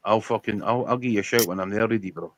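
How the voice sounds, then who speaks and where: A man's voice: on the low side, quick pace, noisy background. A Scottish man with a brash, sweary, teasing manner, calling into an online radio stream. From Scotland. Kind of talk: casual call-in banter.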